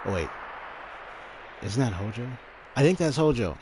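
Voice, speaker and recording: A man's voice: medium pitch, very animated, moderate pace, pauses often, noisy background. A man streaming a game live, reacting and reading on-screen dialogue aloud. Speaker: gaming streamer.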